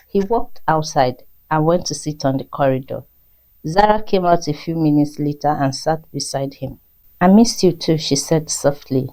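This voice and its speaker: Low-voiced woman storyteller. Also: warm tone, poor audio. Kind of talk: story narration.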